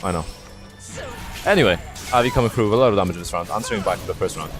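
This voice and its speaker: A man commentating a fighting game tournament, joking with his co-commentator between fast play-by-play calls. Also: low-pitched. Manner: quick, joking, trails into quiet asides. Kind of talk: esports commentary and banter. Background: music.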